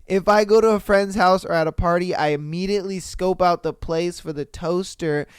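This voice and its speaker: Young male podcast host, higher-pitched, clear, dry sound; laughs and swears constantly while reading posts. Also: fairly even intonation, normal speed, dry recording. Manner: profane, laughs often, reacts loudly. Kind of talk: casual commentary reading listener posts.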